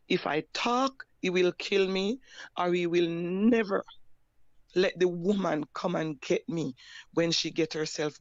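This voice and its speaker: A Jamaican woman giving a personal testimony, halting and repeating her words as she recounts. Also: fairly low pitch, no room sound, highs cut off. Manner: halting, repeats words and restarts, plain broken grammar. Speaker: survivor sharing her story.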